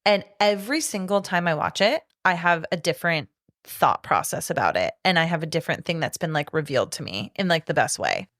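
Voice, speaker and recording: Low-voiced woman gushing about films. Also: animated, a little fast, fairly bright tone. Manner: enthusiastic, swears often, many fillers. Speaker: podcast co-host. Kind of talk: casual chat.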